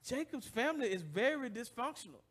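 A male pastor preaches in a church with a high, bright, ringing voice. He is animated and playful, and keeps tossing call-and-response questions to the congregation. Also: brisk, husky. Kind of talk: sermon.

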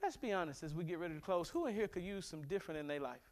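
Lively, high-pitched preaching man. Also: very fast. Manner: animated preaching with humor and rising emphasis. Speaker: pastor. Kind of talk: sermon. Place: church sanctuary.

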